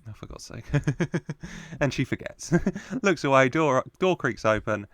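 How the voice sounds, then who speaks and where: A man's voice: mid-range voice, lively intonation, a little slow, fairly bright tone, no echo, studio quality. A young man casually commenting on a TV episode, chatty and playful with frequent laughter. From United Kingdom. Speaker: reaction video host.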